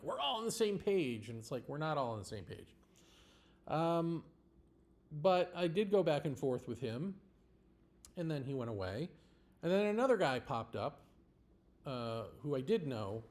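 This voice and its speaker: A man's voice: medium pitch, a little mellow. A man hosting a livestream, talking in a rambling, blunt monologue with swearing and laughs. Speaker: livestream host. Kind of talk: casual political monologue.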